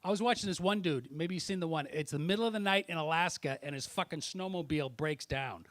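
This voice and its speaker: A man's voice: on the high side, quick pace, a bit bright, dry recording. A middle-aged man doing a brash, profane stand-up set on a comedy club stage, teasing the audience between jokes. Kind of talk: stand-up set with crowd work.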